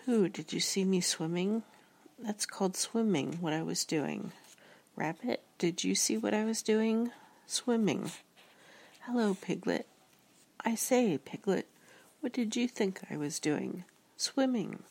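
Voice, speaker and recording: A woman voicing a small, excited young male kangaroo who boasts eagerly in a squeaky voice. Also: slow.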